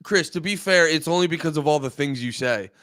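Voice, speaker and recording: A man's voice: on the high side, fairly quick, fairly bright tone, dry recording, clean studio sound. A man in casual stream chat, rambling and cursing, acting out quotes in mock voices. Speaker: co-host.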